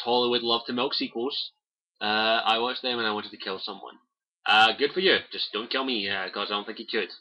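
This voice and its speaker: A man's voice: lowish voice, pushed and bright, dull audio. A young Scottish man chatting casually on a livestream, rambling with lots of fillers and swearing freely, on a cheap desk mic at home. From Scotland. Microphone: cheap desk mic by keyboard.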